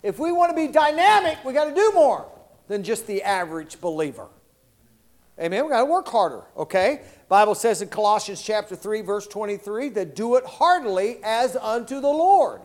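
Older man, preacher, lively folksy sermon, high voice, calls for amens. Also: moderate pace. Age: 60s. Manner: folksy, animated, calls out to the congregation for responses.

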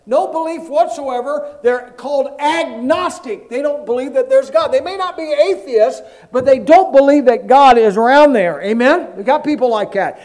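A pastor preaching an animated sermon, acting out Bible stories and calling for amens from the congregation. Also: male voice, extremely high pitch.

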